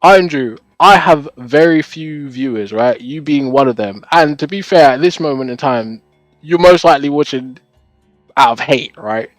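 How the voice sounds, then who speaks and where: A man's voice: mid-range voice, moderate pace, dry recording, faint music behind. A young man on a live stream, chatting casually to his viewers. He laughs often, swears, and keeps tagging his points with "right?". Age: young adult.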